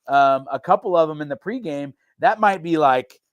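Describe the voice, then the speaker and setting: A man, a head football coach talking casually on a podcast in a relaxed, rambling way with many restarts. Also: a little high, moderate pace, no echo, dull audio.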